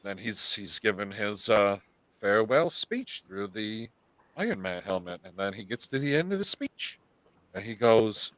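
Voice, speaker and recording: A man hosting a live podcast, telling stories in an animated, swearing, casual way. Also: fairly low pitch, moderate pace, no echo. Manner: animated storytelling, heavy swearing. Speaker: podcast host.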